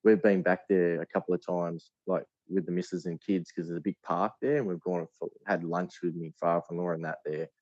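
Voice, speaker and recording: A man's voice: sits low, fairly even intonation, brisk, few pauses, darkish tone, dry recording, lo-fi sound. An Australian man, a podcast guest, telling a rambling story in a casual way and full of "like" fillers.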